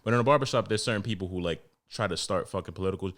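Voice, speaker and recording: A young New man hosts his podcast in a loose, profane rant, slipping into quick impressions of the people he talks about. His voice sits on the low side. He swears freely and keeps the pace casual. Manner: profane, animated storytelling with mimicked customers. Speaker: podcast host and barber.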